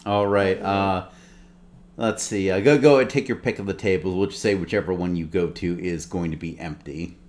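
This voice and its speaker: A man narrating as game master in a relaxed, filler-heavy way. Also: low-pitched, moderate pace. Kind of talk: running a tabletop game.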